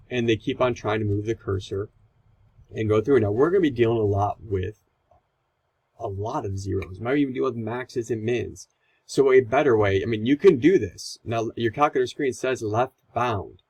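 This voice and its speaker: A man with a low, gravelly voice walks through a math lesson in a relaxed, chatty way. His tone is a little husky, with easy fillers as he explains each step. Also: moderate pace, low-quality recording. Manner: casual, conversational explaining with fillers. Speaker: math teacher.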